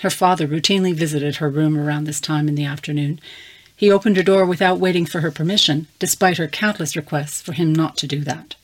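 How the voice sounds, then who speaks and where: Low-voiced woman reading a story. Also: fairly quick. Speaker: story reader. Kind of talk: reading fiction aloud.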